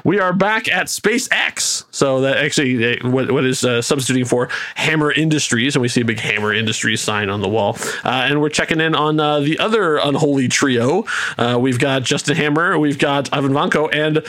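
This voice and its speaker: A man's voice: medium pitch, a little fast, a bit bright. A man hosting a podcast, recapping a film in a rambling, casual way full of fillers. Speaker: podcast host.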